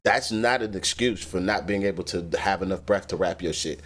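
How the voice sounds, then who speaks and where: A man's voice: deep voice, a little fast. A man hosting a reaction video, giving casual, analytical commentary in a loose way with lots of fillers. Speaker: reaction host.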